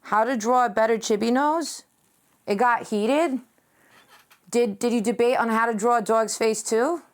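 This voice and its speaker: A woman's voice: steady tone, a little slow. A young woman streaming live while she paints, chatting casually with her viewers in a giggly, playful way and reading their messages aloud. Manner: giggly, playful, reads chat aloud and jumps in pitch.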